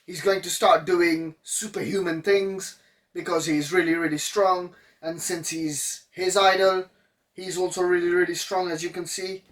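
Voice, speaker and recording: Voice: medium pitch, little pitch movement, a little slow. Skeptical co-host, slightly distant mic. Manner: skeptical, dismissive. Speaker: co-host reviewing films. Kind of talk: casual chat.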